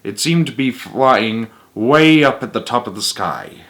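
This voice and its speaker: A man reads a children's book aloud in a lively, sing-song voice, tossing in playful asides. His pitch rises and falls freely through the narration. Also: a little slow. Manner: animated, with asides to listeners. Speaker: storybook reader.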